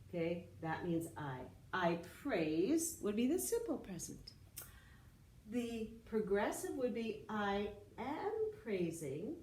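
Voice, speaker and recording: A woman's voice: medium pitch, darkish tone, far from the mic, a little hiss or hum. A woman teaching a Latin lesson at a whiteboard, patiently checking in with "okay?" after each step. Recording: echoey room with faint ambience.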